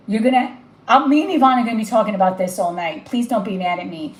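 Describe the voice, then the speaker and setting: A woman's voice: mid-range voice, fast, reverberant, poor audio. A woman giving a live tarot reading, gushing and emotional as she talks straight to the viewer. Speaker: tarot reader.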